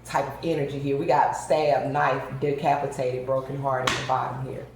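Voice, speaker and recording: A woman's voice: a bass voice, flat delivery, moderate pace, noisy background. A woman giving a tarot reading to her viewers, talking emphatically and addressing them directly. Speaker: tarot reader. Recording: very echoey room.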